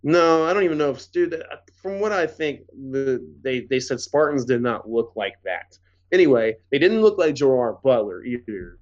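A man co-hosting a podcast in casual, rambling chat, swearing freely and getting animated. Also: medium pitch, normal speed, highs cut off. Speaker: podcast co-host.

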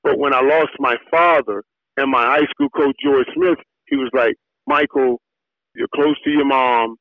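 A middle-aged man from Miami, a former football player, telling animated stories in an interview with repeated words when excited. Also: medium pitch, measured pace, dry recording. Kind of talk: storytelling interview. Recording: tinny phone-like dry line.

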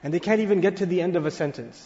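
A man with a notably high voice gives an animated, storytelling sermon, acting out a child's excited words. The lo-fi recording is dull, with long reverb from a large hall. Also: very fast. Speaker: Islamic teacher. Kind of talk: sermon-style Quran lecture.

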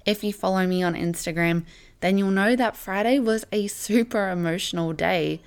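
A young woman hosting her own podcast, chatting in a warm, gushing and heartfelt way, full of casual fillers. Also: mid-range voice, normal speed, clean tone. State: emotional, near tears at times. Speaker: podcast host. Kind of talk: casual solo podcast chat.

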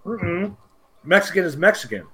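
A man's voice: high voice, lively intonation, moderate pace, crowd noise. A man co-hosting a podcast, teasing his friend and swearing freely in casual banter. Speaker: podcast co-host.

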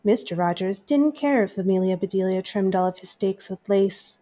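A woman hosting a children's story podcast, reading aloud in a gentle, expressive way. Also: medium pitch, normal speed.

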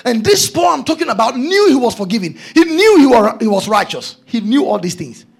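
A man's voice: very high voice, very animated, a little fast, vocal fry, husky, soft background music. A male preacher delivering a sermon, emphatic and repeating his key phrases.

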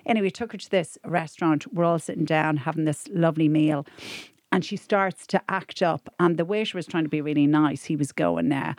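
Lively Irish woman telling funny stories. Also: sits low, a little fast, no room sound, clean studio sound. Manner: animated storyteller, acts out quotes. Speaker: podcast co-host. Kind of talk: casual comedy podcast chat.

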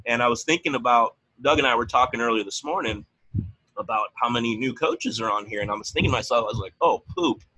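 A man co-hosting a motivational team call, animated, with his pitch leaping up when he gets excited. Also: quick pace, husky, low-quality recording. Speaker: coach and co-host.

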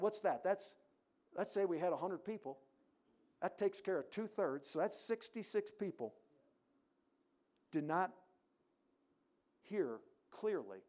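A man preaching a sermon in a church, emphatic, rising to loud peaks and dropping to quiet endings. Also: high-pitched.

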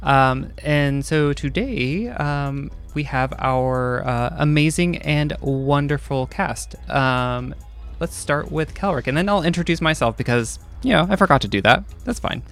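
A man's voice: on the high side, measured pace, fairly bright tone, faint music behind. Hesitant man running the game. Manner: hesitant, many fillers. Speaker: game master. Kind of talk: casual actual-play intro.

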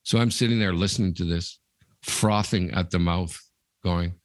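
A man's voice: sits low, normal speed, no room sound, clean studio sound. A man co-hosting a podcast, telling stories in a rambling, casual way with lots of fillers. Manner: rambling storyteller, many fillers. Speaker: podcast co-host. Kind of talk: casual chat.

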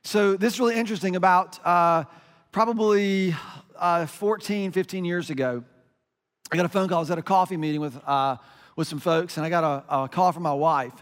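A man's voice: sits high, brisk, in a large hall. A middle-aged man, a pastor, giving a conversational sermon with self-deprecating stories and lots of fillers.

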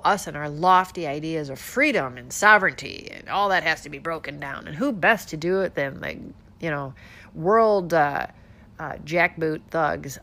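A woman hosting casual political commentary, sarcastic and animated, firing off rhetorical questions with a stuffed-up nose. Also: sits low.

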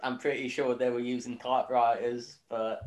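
A young man from Northern Ireland, hosting a podcast, recaps a film in casual chat, rambling with plenty of fillers, swearing and laughter. His mid-range voice has a darkish tone, a flat delivery and a normal pace, heard in an echoey room.

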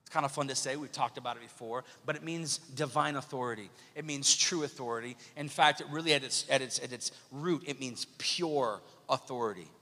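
A man preaching a sermon as pastor, lively and questioning the congregation. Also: mid-range voice, fairly quick, few pauses. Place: church sanctuary. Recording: long church hall reverb.

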